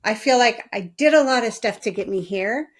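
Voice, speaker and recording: A woman's voice: a little high, animated, moderate pace, slightly rough. A woman co-hosting a podcast who gives her views frankly and with emphasis. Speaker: podcast co-host. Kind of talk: casual conversational podcast.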